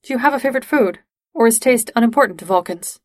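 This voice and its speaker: A woman voicing a friendly, casual young man who talks in a chatty, lively way. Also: a little high, quick pace, no room sound, clean studio sound, pitched above the performer's own voice. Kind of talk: fan-fiction audiobook reading.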